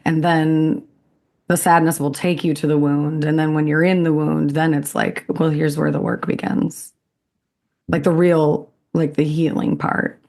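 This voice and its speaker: Frank woman, lowish voice, podcast guest. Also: a little slow. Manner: frank, animated storytelling, swears. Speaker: podcast guest, Reiki teacher. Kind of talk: casual podcast conversation.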